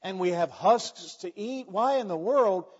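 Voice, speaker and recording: Preacher guy doing a little mud-loving pig, a bit lower and softer than his own high voice, echoey hall, dull sound. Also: expressive, unhurried, slightly rough, full character voice. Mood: contented. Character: little male pig who loves the mud.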